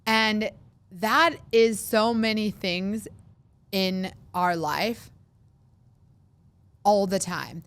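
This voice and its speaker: A woman in her thirties hosting a solo podcast, talking casually and animatedly, acting out worried voices in quick asides. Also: mid-range voice, a bit bright. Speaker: podcast host.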